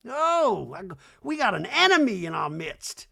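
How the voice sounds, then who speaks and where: Man doing a cold older mother, high falsetto-ish, slow and blunt, stern. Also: very animated, vocal fry, pushed and bright, full character voice. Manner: icy, drawn-out, high put-on voice.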